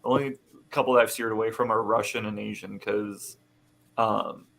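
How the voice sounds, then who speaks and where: A man's voice: fairly low pitch, fairly even intonation, normal speed, creaky, a bit bright. A man in a casual group chat, talking loosely and jokingly with some swearing. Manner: loose, profane, jokey.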